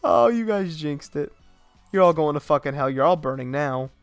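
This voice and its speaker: Young male streamer, slightly higher pitch, dry close sound, loose and profane trash talk. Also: moderate pace, smooth, dry recording, faint music behind. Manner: excitable, profane trash-talking at the game. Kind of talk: live gameplay commentary.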